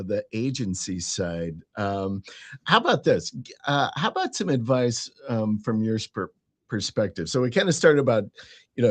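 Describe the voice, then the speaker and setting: Upbeat guy hosting a chat show, voice bounces all over, playful. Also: on the low side. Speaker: host. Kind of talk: casual interview chat.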